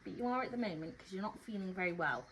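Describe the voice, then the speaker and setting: A woman's voice: mid-range voice, animated, quick pace, slight background noise, low-quality recording. A woman vlogging from her stable, talking fondly and teasingly to her horses and viewers. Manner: fond, teasing, mock-stern talk to horses. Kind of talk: casual vlog chat to horses and viewers.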